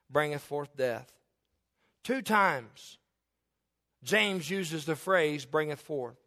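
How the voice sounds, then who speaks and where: A male pastor preaching a sermon, reading scripture slowly and low, then climbing loud and high to drive points home. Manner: swings from low measured scripture reading to loud rising emphasis.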